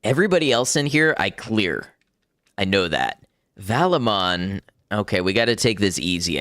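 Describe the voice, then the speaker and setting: Man, low voice, dry close mic, let's-play commentary, thinking aloud. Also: sing-song, normal speed, a bit bright, no echo. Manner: thinking aloud, chuckling often. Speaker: gaming streamer.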